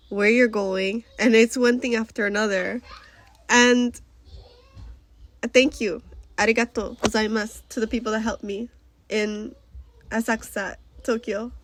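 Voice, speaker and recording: Young woman vlogger, mid-pitch voice, dry close sound, chatty self-mocking storyteller who acts out her lines and laughs a lot. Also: no echo. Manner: frequent restarts and acted-out quotes. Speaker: travel vlogger. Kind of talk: casual storytelling vlog.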